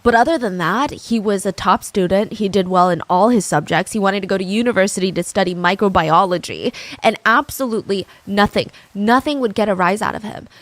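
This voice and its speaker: A woman's voice: medium pitch, brisk, few pauses, no room sound. Casual young woman telling a true crime story. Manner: casual, with many "like" and "I mean" asides.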